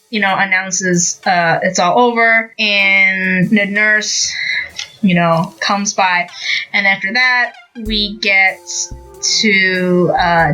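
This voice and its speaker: Bright, rambling young woman podcaster. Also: medium pitch, rough recording. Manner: rambling, filler-heavy retelling with acted-out quotes. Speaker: podcast host. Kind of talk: casual chat recapping a manga.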